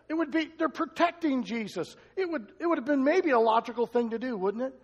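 A man's voice: extremely high pitch, expressive, a little fast, big-room sound. A male pastor preaching a sermon, talking to the congregation in a conversational way and asking it questions.

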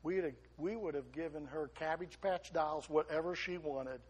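A middle-aged male pastor preaching a sermon in a husky, somewhat high voice. He builds to loud emphatic peaks, then drops to quiet, close asides to the congregation. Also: normal speed.

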